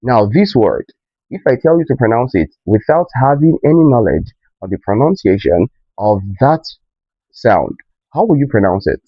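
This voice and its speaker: A man teaching pronunciation in a slow lesson, stressing each example word. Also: mid-range voice, very animated, slightly rough, no room sound, lo-fi sound. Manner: emphatic, drawn-out example words.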